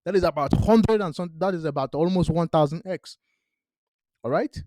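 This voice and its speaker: A man's voice: fairly high pitch, moderate pace, warm tone, no room sound. A man hosting a crypto channel, talking straight to viewers in an emphatic, repetitive way and often checking in with "all right?". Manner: emphatic, repeats "all right?", non-native grammar. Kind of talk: direct-to-camera investment talk.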